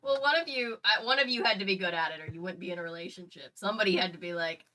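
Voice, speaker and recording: A woman's voice: mid-range voice, rapid-fire, sharp tone, a little hiss or hum, low-quality recording. A woman co-hosting a casual stream, chatting and relaying viewer comments in long, rambling explanations. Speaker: stream co-host reading chat. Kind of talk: casual chat.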